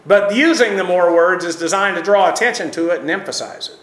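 A man's voice: sits high, fairly quick, fairly bright tone, reverberant, poor audio. A man preaching an expository sermon, teacherly and emphatic, with frequent filler sounds. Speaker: pastor.

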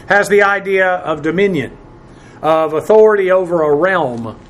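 A man teaching a Bible passage word by word from the Greek, spelling terms letter by letter and filling pauses with "uh". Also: sits high, fairly bright tone, slight background noise. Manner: spells out Greek words letter by letter, many "uh" fillers; presses emphatic points with rising force.

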